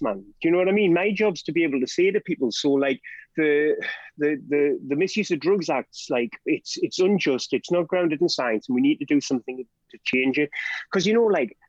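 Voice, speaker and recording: Fired-up Geordie bloke ranting on a podcast, bit higher voice, muffled dry recording. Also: male voice, no room sound. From Northeast England. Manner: animated, sweary, rapid rants peppered with "right?" and "do you know what I mean". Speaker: podcast guest, drug harm-reduction trainer. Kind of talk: passionate podcast conversation. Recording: dull, dry podcast audio.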